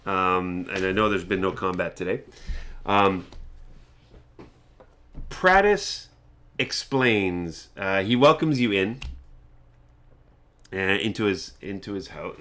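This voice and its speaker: A man's voice: fairly low pitch, a bit bright. A man acting as game master, describing scenes in a meandering way and restarting his sentences.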